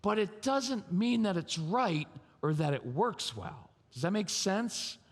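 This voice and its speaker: Guy giving a parenting seminar live, kinda high voice, acts stuff out, lots of hall echo. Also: slow pace. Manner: animated, acts out parent and child voices, quizzes the audience. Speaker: parenting conference speaker. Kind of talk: live seminar talk to an audience. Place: large church conference hall. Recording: long hall reverb from a live venue.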